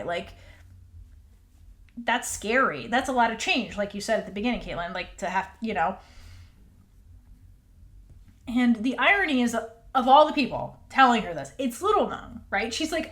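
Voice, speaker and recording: A woman co-hosting a casual recap chat, animated and acting out character lines. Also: fairly high pitch, moderate pace. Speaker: podcast co-host.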